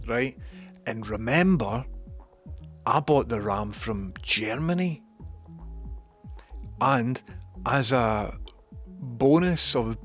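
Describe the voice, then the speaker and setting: A man, talking casually on his own livestream, sarcastic, swearing and wandering off on tangents. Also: medium pitch. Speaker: livestream host. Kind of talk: rambling livestream chat.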